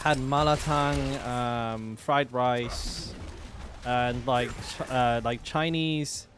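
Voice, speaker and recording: A man's voice: medium pitch, fairly even intonation, drawn-out words, noisy background. A young man streaming a game, talking in a laid-back, rambling way with plenty of slang. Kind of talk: casual live-stream commentary. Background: game music.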